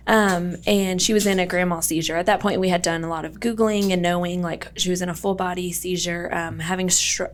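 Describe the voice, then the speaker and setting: A young woman, a podcast guest, telling a personal story in a chatty way with lots of fillers and quoted dialogue. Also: on the low side.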